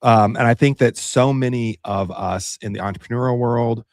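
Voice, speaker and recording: A man's voice: medium pitch, moderate pace, darkish tone, no room sound, clean studio sound. A man hosting a podcast, responding reflectively in a casual chat. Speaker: podcast host.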